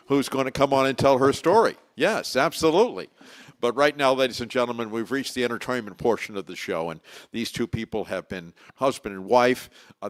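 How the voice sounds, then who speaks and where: A man hosting a recovery talk show, chatty and rambling with many restarts. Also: mid-range voice. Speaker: host.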